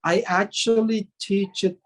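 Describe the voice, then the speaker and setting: A man, a martial arts instructor, telling stories casually in an interview and acting out remembered dialogue with lively energy. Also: high-pitched, measured pace. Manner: lively storyteller who acts out remembered dialogue.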